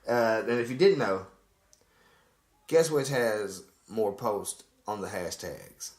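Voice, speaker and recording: Lively podcast guy, swings his pitch around, cusses a lot, roomy echo. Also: takes it slowly. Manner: animated, acts out quotes, profane banter. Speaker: podcast co-host. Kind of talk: casual chat.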